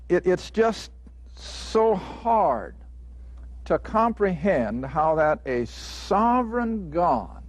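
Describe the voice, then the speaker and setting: A man's voice: fairly high pitch, darkish tone, highs cut off. A man teaching a Bible lesson in a studio taping, plainspoken, earnest and emphatic.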